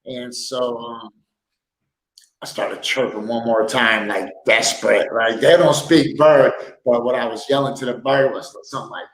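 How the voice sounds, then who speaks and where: A man's voice: medium pitch, fairly even intonation, normal speed. A man hosting a casual livestream from a sparse room at home, telling rambling stories and joking, laughing often. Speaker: livestream host. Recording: echoey room.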